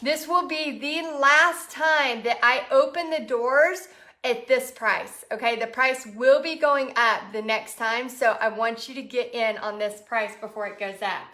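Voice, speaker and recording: Chatty Texan woman host, bright slightly high voice, laughs often. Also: measured pace. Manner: chatty, laughs often, reads out viewer comments. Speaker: art business coach host. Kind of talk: casual livestream chat.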